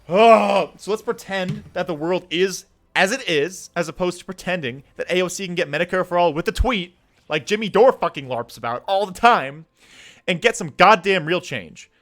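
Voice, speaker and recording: Heated young man ranting, bright voice. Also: high-pitched. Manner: heated, swearing, pleading. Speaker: streamer. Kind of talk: political rant.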